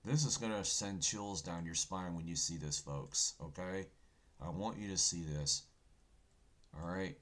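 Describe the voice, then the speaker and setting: Deep-voiced man rambling on a livestream. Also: a little slow, fairly bright tone. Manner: folksy, rambling, says "folks" and "okay" often; preachy, insistent on biblical points. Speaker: livestream host. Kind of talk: casual livestream chat.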